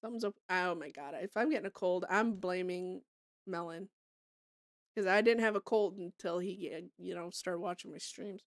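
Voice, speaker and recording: A woman's voice: fairly low pitch, moderate pace, no room sound, clean studio sound. A young woman from Canada chatting casually with her stream viewers, laughing often and swearing freely.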